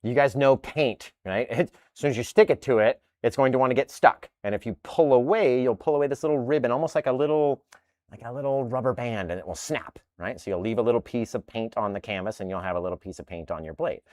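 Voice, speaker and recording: A man teaching a live painting tutorial in an upbeat, animated way, often tagging his lines with "right?". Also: mid-range voice, fast, no echo, studio quality. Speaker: painting instructor.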